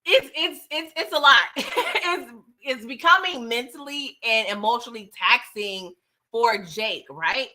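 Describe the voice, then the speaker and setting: A woman casually breaking down a movie for her vlog, chatty and animated, often laughing and dropping slangy asides. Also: on the high side, a little slow. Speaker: movie reviewer.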